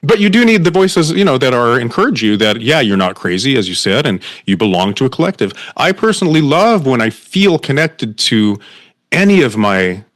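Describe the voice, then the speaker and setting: A man's voice: mid-range voice, sing-song, moderate pace, dry recording, studio quality. A man hosting an interview, talking reflectively and laughing often. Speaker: podcast host. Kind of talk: conversational interview.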